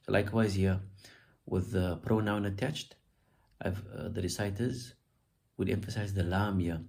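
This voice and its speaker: A man with a low, gravelly voice leads a spoken recitation tutorial. His tone is mellow and unhurried. He repeats syllables again and again to demonstrate stress. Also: fairly even intonation. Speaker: recitation teacher.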